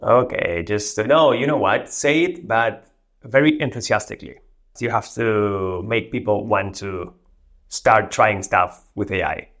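A man's voice: on the low side, unhurried, fairly bright tone. A man hosting a tech video, casually walking through a demo and giving spoken prompts to an AI assistant. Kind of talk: casual screen demo narration.

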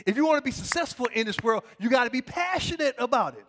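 High-voiced preaching pastor. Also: male voice, lively intonation, quick pace, a bit bright, slight background noise. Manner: preaching with call-and-response, rising and dropping cadence. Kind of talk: sermon.

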